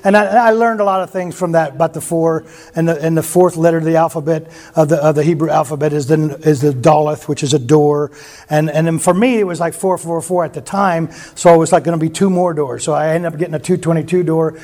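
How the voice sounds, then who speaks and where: High-voiced rambling male preacher. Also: steady tone, fast, darkish tone. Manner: rambling, anecdotal, many restarts. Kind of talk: sermon storytelling.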